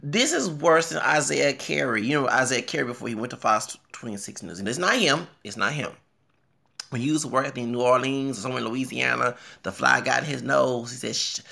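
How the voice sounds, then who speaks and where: Gravelly, bright Texan man rambling. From Houston, Texas. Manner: chatty, excitable, laughs and jumps in pitch. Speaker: vlogger. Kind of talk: casual rambling commentary. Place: home bathroom.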